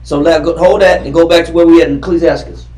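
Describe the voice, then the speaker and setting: High-pitched guy preaching through a bible class, repeats himself a lot, echoey room, sounds far off. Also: fairly even intonation, fast talker, darkish tone. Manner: fervent, repeats phrases, quizzes readers. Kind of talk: emphatic scripture teaching.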